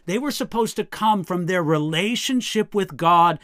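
Male pastor, fairly high voice, measured reflective Bible teaching. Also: fairly bright tone, no echo, clean studio sound. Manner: measured, reflective, reads quotations with feeling.

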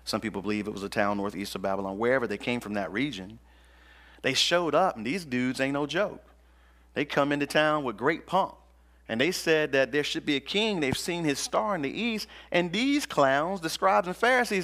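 A man's voice: mid-range voice, normal speed, fairly bright tone. A male pastor preaching a sermon in an emphatic, colloquial, slangy manner.

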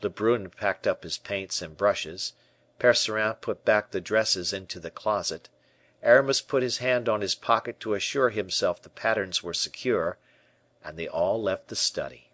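A man narrating a classic novel as an audiobook, in expressive, even-paced storytelling. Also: on the low side, normal speed, no room sound. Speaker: audiobook reader. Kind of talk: scripted narration.

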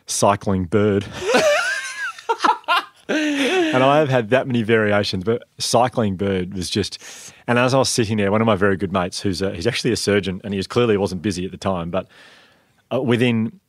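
A man's voice: lowish voice, animated, brisk, dry recording, clean studio sound. An Australian man hosting a podcast, telling long self-deprecating anecdotes in a casual chat and sounding tired. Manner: rambling, self-deprecating anecdotes with frequent restarts. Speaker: podcast co-host.

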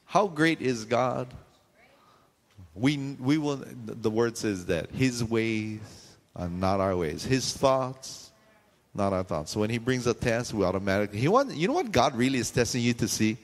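Joking preacher in a reverberant hall. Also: male voice, mid-range voice, big pitch swings, measured pace. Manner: conversational, joking asides to the congregation; frequent questions and call-outs to the audience. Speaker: pastor. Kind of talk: sermon.

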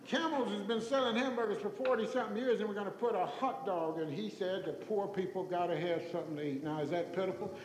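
A man in his sixties from Tyler, Texas gives an oral history, telling folksy anecdotes to an audience while chuckling and animatedly acting out the people in them. His voice sits high and moves fast with few pauses. It was recorded in an echoey hall with faint noise.

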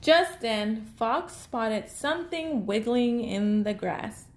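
A woman's voice: on the high side, expressive, slow pace. A woman reading a children's picture book aloud, speaking in a friendly way to young listeners as her friends. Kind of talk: read-aloud storytelling.

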